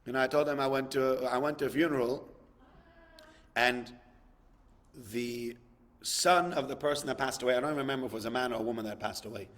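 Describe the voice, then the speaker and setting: A man's voice: mid-range voice, brisk, long pauses, a bit bright, long reverb tail. A man, a rabbi, giving a conversational sermon, acting out dialogues and repeating words for emphasis.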